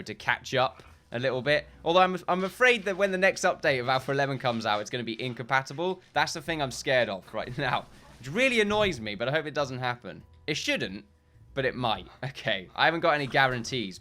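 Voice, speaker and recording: A man's voice: medium pitch, bright, forceful tone. A man giving casual gameplay commentary, rambling and correcting himself often, with short chuckles.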